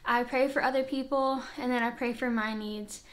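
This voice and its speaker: A woman's voice: a little high, fairly even intonation, normal speed. A woman vlogger in casual chat to camera, earnest and chatty, filling her talk with "like.". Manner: earnest, chatty, heavy use of "like". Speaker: faith vlogger. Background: soft worship music.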